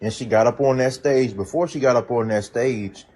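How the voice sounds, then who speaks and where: A man's voice: mid-range voice, moderate pace, darkish tone, poor audio. A man speaking indignantly and emphatically in a commentary clip.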